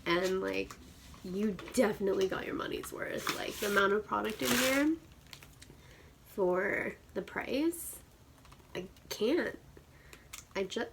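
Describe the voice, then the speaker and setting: A woman in her thirties vlogs a beauty unboxing, gushing excitedly with squeals and slipping into whispered asides. Her mid-range voice is gravelly and slow with frequent pauses, and there's slight background noise.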